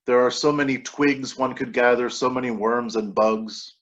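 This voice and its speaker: A man's voice: mid-range voice, steady tone, normal speed, fairly bright tone, natural voice. A man voicing a philosophical talking bird that lectures a man in a musing, slightly scolding way, heard over dull video-call audio.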